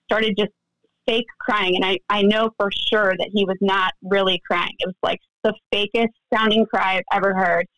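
Animated woman telling a story. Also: on the high side, no room sound, poor audio. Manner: animated, acts out quoted dialogue. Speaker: guest, friend recounting events. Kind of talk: casual interview storytelling.

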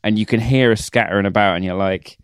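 Reflective man with a low voice. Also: fairly even intonation, fast, clear, resonant tone, dry recording, clean studio sound. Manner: detailed, reflective retelling with many restarts. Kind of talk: casual film discussion.

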